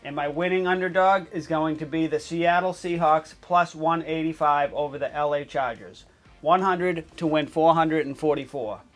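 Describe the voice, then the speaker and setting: A man's voice: fairly high pitch, moderate pace, faint music behind. Joking male sports betting host. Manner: deadpan delivery, bursts into excited coughing fits. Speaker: comedy show host. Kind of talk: comedic sports betting show.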